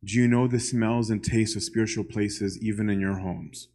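A man's voice: fairly low pitch, steady tone, moderate pace, a little mellow, a little hiss or hum. A man giving a church lecture in a conversational way, often asking the audience "right?" and putting questions straight to them.

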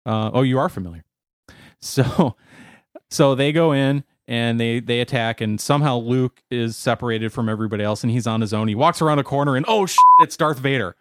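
A man's voice: mid-range voice, a little fast, a bit bright, no room sound. Male podcast storyteller, rambling and chuckling, dry close sound. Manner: rambling, chuckling, profane asides. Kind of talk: casual storytelling chat.

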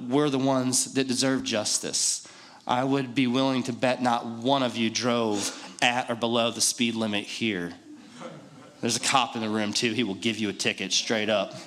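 A man's voice: medium pitch, a bit bright. A man preaching a sermon in a conversational, joking way, driving points home with repetition. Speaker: pastor.

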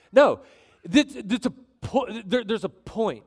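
A man preaching a sermon in an animated, joking way, reading scripture aloud between his asides. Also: sits high, slow pace, slightly rough. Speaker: pastor.

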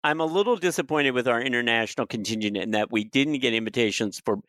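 A man's voice: mid-range voice, quick pace, a bit bright, no echo, studio quality. A man co-hosting a podcast in a casual group chat, playful and teasing, often laughing. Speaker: podcast co-host.

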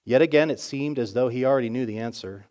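A male pastor narrating a story in a sermon with expressive storytelling. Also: medium pitch, quick pace.

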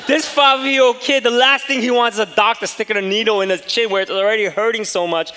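A man's voice: sits high, expressive, fast talker, pushed and bright. Man preaching in a reverberant church. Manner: storytelling, rising to emphatic exhortation. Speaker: pastor. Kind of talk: sermon. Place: church sanctuary. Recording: long reverb of a church hall.

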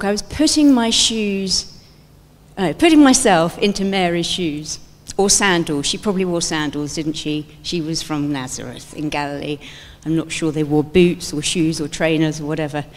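A woman giving a sermon-like talk at a church event, telling stories in an animated way and acting out scenes. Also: on the low side. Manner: animated storytelling, acts out scenes. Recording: long hall reverb.

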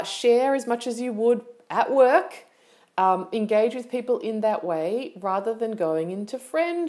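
A young woman, a yoga teacher hosting a solo podcast, talking in a lively, animated way with quick asides. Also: mid-range voice.

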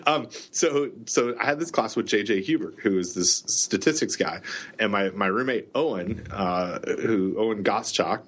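A middle-aged man co-hosts a podcast, telling rambling stories in casual chat and laughing often. His voice is fairly low and slightly rough, at a moderate pace.

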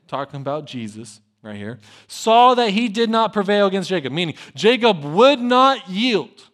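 A man with a fairly high voice preaching a lively sermon. He swings from loud, emphatic lines to quiet asides and tells the old story with casual humor. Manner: acts out biblical dialogue with conversational humor. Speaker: pastor.

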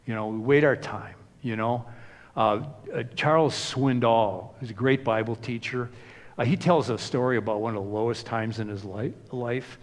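A man's voice: medium pitch, moderate pace, long reverb tail. A man preaching a sermon in a conversational way, with many casual asides. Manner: conversational, frequent "you know" asides. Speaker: pastor.

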